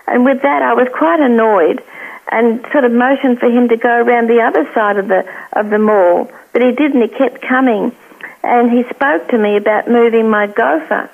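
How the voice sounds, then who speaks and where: An older woman from Australia tells her story down a phone line that sounds tinny and thin. Her voice sits a little high with a gravelly, creaky edge. She tells it earnestly and brings each quoted voice to life. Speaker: guest. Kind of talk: telling a personal story.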